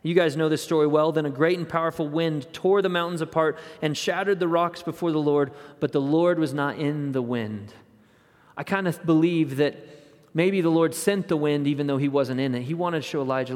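Male preacher, fairly high voice, conversational storytelling sermon, hushed asides, big reverberant hall. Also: fairly quick. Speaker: pastor.

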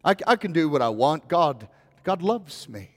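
A man's voice: fairly high pitch, very animated, normal speed, a bit bright, in a large hall. A male pastor preaching a sermon in a conversational way, building to rising, emphatic questions.

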